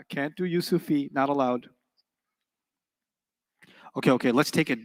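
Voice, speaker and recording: Playful high-voiced male Arabic teacher. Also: moderate pace, pauses often, in a large hall. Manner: playful, joking, quizzes the class. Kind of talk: live classroom lecture.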